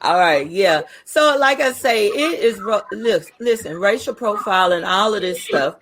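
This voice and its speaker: A woman's voice: mid-range voice, unhurried, slight background noise. A woman hosting a casual talk show, telling stories. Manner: lively storyteller, emphatic. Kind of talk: casual chat.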